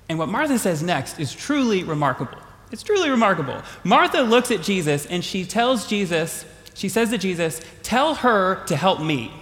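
Animated male preacher, lively storytelling. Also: sits high. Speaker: pastor. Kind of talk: sermon storytelling. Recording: long hall reverb.

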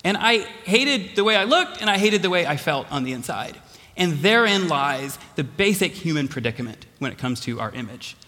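A man preaching a storytelling sermon in a high, bright voice that swoops up and down. He pokes fun at himself and often laughs through his lines. A long reverb trails after him in the big hall. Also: normal speed. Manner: animated, self-deprecating, laughs often. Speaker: college president giving a talk.

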